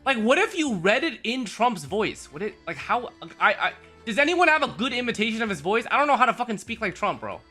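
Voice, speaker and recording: A man's voice: extremely high pitch, big pitch swings, brisk, hardly any pauses, pushed and bright, faint music behind. A young man streaming a game, rambling casually to his chat with swearing and restarts.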